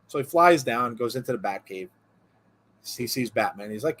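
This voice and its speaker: A man's voice: mid-range voice, animated, moderate pace, fairly bright tone. A middle-aged man hosting a podcast, chatting casually and rambling through a long joke with lots of fillers. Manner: rambling storyteller, many fillers. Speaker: podcast host. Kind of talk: casual chat.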